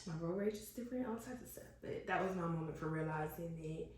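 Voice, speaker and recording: A woman's voice: fairly low pitch, quick pace. A woman in her twenties telling a personal story in casual, slangy podcast chat. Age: 20s. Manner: animated, candid, slangy storytelling. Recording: very echoey room.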